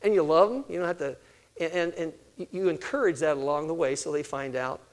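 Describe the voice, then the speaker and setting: An older man giving a sermon-style talk on parenting, animated, asking his listeners questions and answering them himself. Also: fairly high pitch, brisk. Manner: animated, acts out family conversations. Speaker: parenting speaker.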